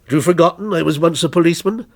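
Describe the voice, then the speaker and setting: A man voicing a menacing policeman who taunts slowly and coldly, in a spoken story reading. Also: on the high side. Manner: slow, cold, taunting. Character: menacing male policeman, a vengeful character come alive.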